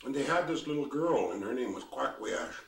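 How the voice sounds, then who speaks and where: Gravelly older man telling a folk tale. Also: medium pitch, fairly quick. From US Pacific Northwest. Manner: lively, folksy, with exclamations. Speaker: storyteller. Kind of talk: oral storytelling. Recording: roomy, mic at a distance.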